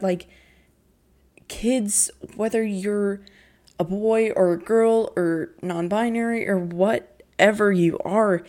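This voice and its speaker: A woman's voice: mid-range voice, darkish tone. A woman talking casually about a cartoon she loves, heartfelt and openly emotional, filling her sentences with "like". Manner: heartfelt, emotional, lots of "like" fillers. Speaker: fan commentator. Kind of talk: casual fan commentary.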